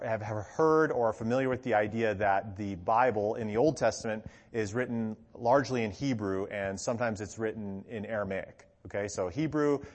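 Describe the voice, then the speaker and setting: A man giving a conversational teaching sermon as a pastor, often checking in with the congregation and stressing key words with animation. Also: on the low side. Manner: conversational, frequent "okay?" check-ins, animated emphasis. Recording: long hall reverb.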